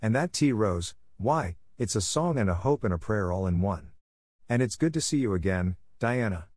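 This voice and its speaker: Man reading teenage girl, ambitious, earnest, storybook, low voice, dry sound. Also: expressive, normal speed, a little mellow, no room sound. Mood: eager.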